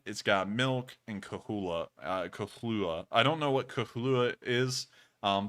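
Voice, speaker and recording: A man's voice: medium pitch, sharp tone, clear, resonant tone. A young man of about twenty hosting a live stream, earnestly and effusively thanking viewers for donations. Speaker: livestream host.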